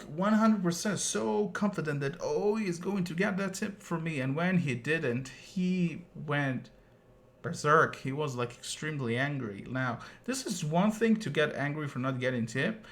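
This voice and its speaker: A man streamer telling a casual story as a rant, rambling with lots of "like" and some swearing. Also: fairly high pitch. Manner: rambling, swears, many "like" fillers.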